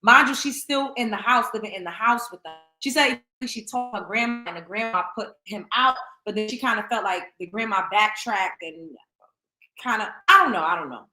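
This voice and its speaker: A woman's voice: mid-range voice, normal speed, pushed and bright, soft background music. A woman hosting a commentary show, reading out text messages and reacting bluntly with profanity. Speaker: host. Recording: echoey room.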